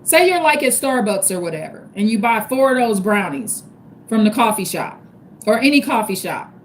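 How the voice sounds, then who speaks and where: Speaking at a moderate pace in a mid-range voice with big pitch swings, this livestream host gives laid-back advice. She's repetitive and emphatic, walking through every point step by step, over a slight hiss or hum.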